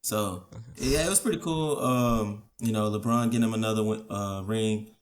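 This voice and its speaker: Man, co-host, lowish voice, laid-back, halting casual chat. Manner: relaxed, hesitant with fillers. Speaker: podcast co-host.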